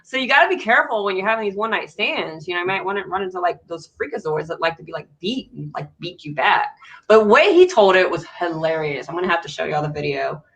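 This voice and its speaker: Female podcast co-host, bright tone, animated anecdote teller who does quick voices. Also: fairly low pitch. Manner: animated storyteller who acts out voices, laughing often. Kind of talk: casual chat.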